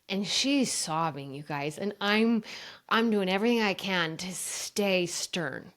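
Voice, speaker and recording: Woman, podcast guest, heartfelt storyteller; animated when quoting others. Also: mid-range voice, a little slow. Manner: earnest, emotional, often addresses listeners as "you guys"; lively storyteller who acts out quoted dialogue. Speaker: podcast guest, brain coach. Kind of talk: personal storytelling in conversation.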